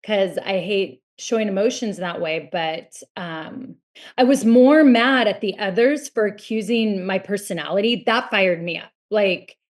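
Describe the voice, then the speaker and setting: A woman guest on a podcast in casual chat, telling her side of events in a chatty way and filling her talk with "like". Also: mid-range voice. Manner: chatty, filler-heavy storytelling.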